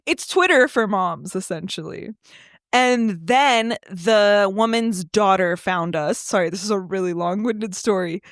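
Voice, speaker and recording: A young woman co-hosting a podcast, telling a story in casual chat, animated and swearing freely. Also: medium pitch, unhurried, no echo, studio quality. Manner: animated, swears freely, acts out quoted voices. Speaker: podcast co-host.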